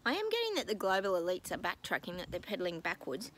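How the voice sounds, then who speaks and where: A woman's voice: on the low side, wildly swooping pitch, fast, fairly bright tone, slight background noise, poor audio. A woman psychic talking in a casual vlog from home, rambling and exasperated, breaking off with apologetic asides. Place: at home with her dogs.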